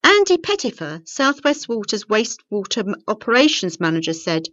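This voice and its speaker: A woman's voice: medium pitch, no echo. Woman reading the local news, bouncy intonation, dry slightly muffled studio sound. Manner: clear, measured reading with lively intonation. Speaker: news reader and editor.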